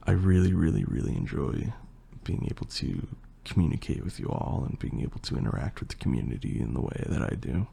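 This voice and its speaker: A young man with a hoarse, partly lost voice, chatting casually and rambling through a Q&A as an ASMR creator. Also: extremely low pitch, a little fast, slight background noise. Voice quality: gravelly and husky. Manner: relaxed, rambling, with fillers and swearing. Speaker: ASMR creator answering questions. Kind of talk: casual Q&A chat.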